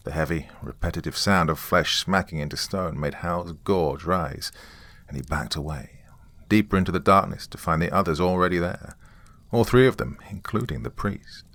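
A man's voice: rumbling low, fairly bright tone, no echo. A man reading a horror novel aloud, with grave, dramatic scripted narration. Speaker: audiobook narrator.

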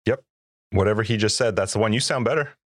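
A man's voice: fairly low pitch, fast talker, no room sound, studio quality. A man hosting a gaming podcast, laid-back and joking, laughing easily between remarks. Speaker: podcast host. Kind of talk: casual chat.

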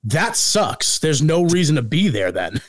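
A man co-hosting a casual chat, profane and quick to rant. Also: fairly high pitch, dry recording, clean studio sound. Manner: profane, ranting, animated. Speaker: podcast co-host.

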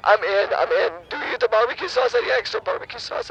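A man's voice: sits high, lively intonation, quick pace, hardly any pauses, dull audio. A man producing a comedy podcast who chimes in with silly, whiny nonsense. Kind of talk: improvised comedy podcast banter.

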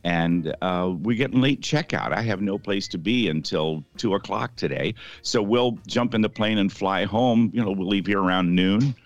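A man co-hosting a casual talk show, relaxed and easygoing. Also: fairly low pitch, moderate pace, few pauses, no room sound, lo-fi sound. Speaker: show co-host. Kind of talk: casual chat.

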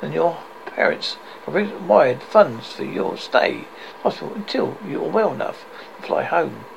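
Man reading as a stiff formal official, fussy, gravelly voice, lively pitch. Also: measured pace, slight background noise, full character voice, low-quality recording.

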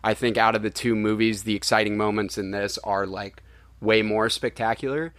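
A man's voice: fairly low pitch, normal speed, no room sound. A young man, the podcast host, reviewing a film in casual, rambling chat and swearing freely. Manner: animated, profane, rambling.

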